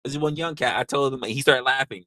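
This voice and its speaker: A man's voice: mid-range voice, fast, pushed and bright, dry recording. A man hosting a livestream in casual chat, rambling, crude and joking, repeating his phrases into a close mic. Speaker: livestream host.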